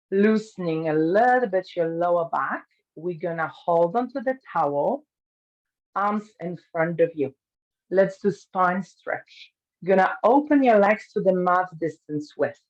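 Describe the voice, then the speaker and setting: A woman teaching an online pilates class, calmly cueing each movement step by step. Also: fairly low pitch, lo-fi sound. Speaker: pilates instructor. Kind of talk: guiding an online fitness class.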